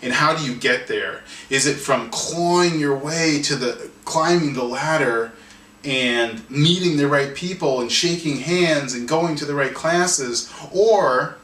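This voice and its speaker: Bright-voiced man telling a story. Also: mid-range voice, slight background noise. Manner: animated storyteller, frequent restarts and repeated words. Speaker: artist and author. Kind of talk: storytelling in an interview. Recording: roomy sound from a distance, faint ambience.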